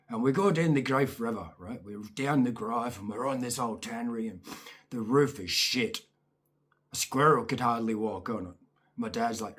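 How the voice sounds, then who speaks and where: A man tells a long childhood story in a loose, chatty way, swearing freely as he goes. His voice is husky and a little rough around the edges. He keeps his pitch at an ordinary middle height. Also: normal speed, a bit bright. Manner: rambling, profane, chatty. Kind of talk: casual spoken storytelling.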